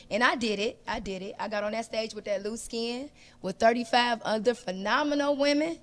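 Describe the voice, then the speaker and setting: A woman who is a guest on a panel talk, chatting casually and telling a personal story with animated energy, acting out the dialogue as she goes. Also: mid-range voice, quick pace.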